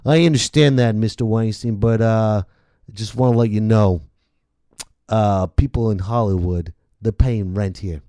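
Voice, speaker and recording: A man putting on a falsely courteous middle-aged mob enforcer who hedges with many pauses. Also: fairly low pitch, dark tone, dry recording, studio quality, pitched below the performer's own voice. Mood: smooth menace. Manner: hesitant, falsely courteous, full of "uh"s.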